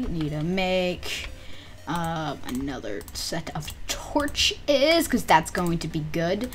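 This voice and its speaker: A woman giving casual gameplay commentary, muttering to herself with excitable outbursts. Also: sits low, slow pace, music in the background. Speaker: gamer.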